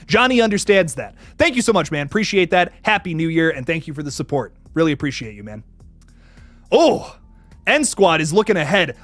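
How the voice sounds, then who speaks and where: On a relaxed livestream, a young host goes through viewer messages while laughing often, stumbling over words and swearing casually. His voice is on the high side with a fairly bright tone, and there is no room sound.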